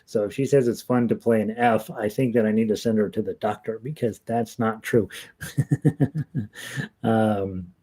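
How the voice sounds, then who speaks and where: A man's voice: lowish voice, steady tone, moderate pace, warm tone. A man leading an amateur ukulele orchestra rehearsal, counting in, singing along and chatting with a self-deprecating laugh.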